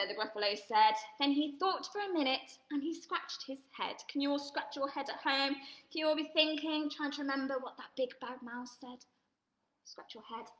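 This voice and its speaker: A woman leading an online drama workshop, reading a picture book aloud to children in a lively, encouraging way. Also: high-pitched. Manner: lively, animated, giggly, encouraging. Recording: roomy echo.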